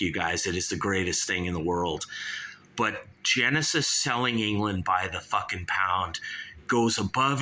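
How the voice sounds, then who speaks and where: A man hosting his own show, giving a rambling, excitable album review that is full of swearing and keeps repeating "you guys" and "dude". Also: low voice. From California.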